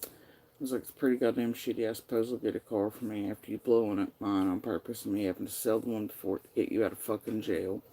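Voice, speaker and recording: Male vlogger, dark mellow voice, angry profane rant over old messages. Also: fairly low pitch, steady tone, fast talker, rough recording. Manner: bitter and profane, reading out messages.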